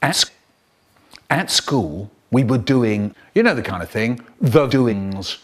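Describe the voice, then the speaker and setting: A man telling comic anecdotes from childhood in an animated way, acting out the voices of people in his stories. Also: slow pace. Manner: animated, leaps in pitch, acts out voices.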